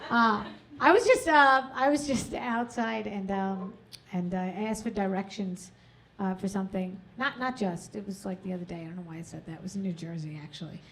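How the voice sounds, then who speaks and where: A woman's voice: medium pitch, moderate pace, fairly bright tone, slight background noise. A woman hosting a comedy club stage, doing chatty, self-mocking stand-up and working the crowd on a handheld mic.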